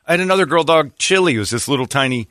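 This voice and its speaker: A middle-aged man hosting a podcast, telling crude funny stories in a casual, animated way and laughing a lot. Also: on the high side, very fast, no echo, studio quality. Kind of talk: casual comedic storytelling.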